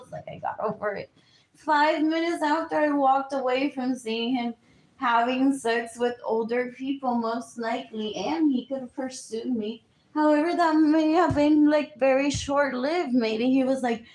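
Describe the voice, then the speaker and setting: A woman's voice: high-pitched, a little mellow. A young adult woman rambling alone on a livestream, switching between English and Spanish, repeating herself and muttering asides. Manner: slow, drifting and repetitive, with muttered asides. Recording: roomy echo.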